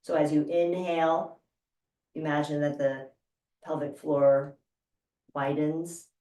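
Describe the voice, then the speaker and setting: A woman instructor calmly guiding a breathing exercise with slow, measured cues. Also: sits low. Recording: roomy sound from a distance.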